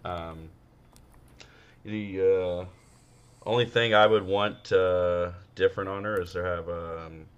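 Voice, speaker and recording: A man co-hosting a podcast, talking in crude casual banter that trails off and mumbles, now and then jumping into high mocking voices. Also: fairly even intonation, slow, pauses often, smooth. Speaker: podcast co-host. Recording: dull lo-fi sound.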